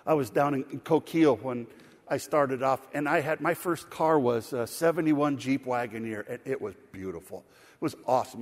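A middle-aged man preaching a sermon, telling a folksy story with laughter in an animated way. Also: medium pitch. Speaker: pastor. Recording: sanctuary reverb.

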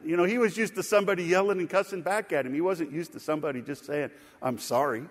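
A middle-aged man preaching a sermon, telling a folksy story with laughter in an animated way. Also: sits high, quick pace. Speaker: pastor. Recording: sanctuary reverb.

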